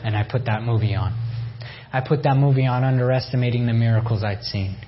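A man's voice: medium pitch, a little fast, highs cut off, background noise. A man from Iran giving a personal faith testimony, telling his story with emotion and repeated phrases. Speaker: testimony speaker.

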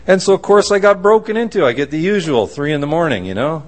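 A man's voice: on the high side, fast talker. A man preaching a sermon, telling stories and acting out the voices of the people in them. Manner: animated storytelling, acting out voices.

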